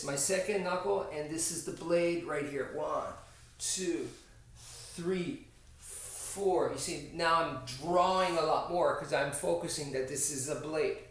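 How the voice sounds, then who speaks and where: A man teaching martial arts weapon drills, explaining step by step and counting out strikes with a frequent "okay?". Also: a little high. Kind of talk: instructional demonstration. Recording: echoey room, distant camera.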